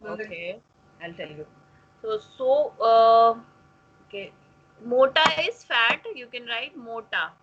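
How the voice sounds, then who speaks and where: A woman tutoring a Hindi lesson one-on-one, patiently repeating words slowly so they can be pronounced. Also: on the high side, expressive, fairly bright tone, lo-fi sound, a little hiss or hum.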